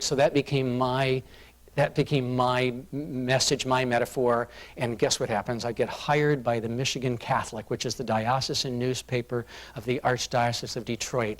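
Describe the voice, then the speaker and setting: A man giving a talk to an audience, telling a personal story in an earnest, confessional way and dropping to a hush for painful parts. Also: medium pitch. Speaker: corporate diversity speaker. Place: conference room before a live audience.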